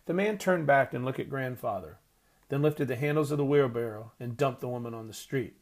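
A man reading a story aloud as narrator, steady and measured. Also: mid-range voice. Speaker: audiobook narrator. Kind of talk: scripted narration.

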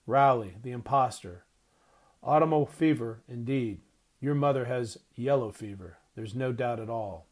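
A gruff, commanding doctor from an old storybook, put on by a male reader. He talks bluntly and sternly, in a voice of ordinary middle pitch, as if in charge of a sickroom. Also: a little slow, close to an everyday voice.

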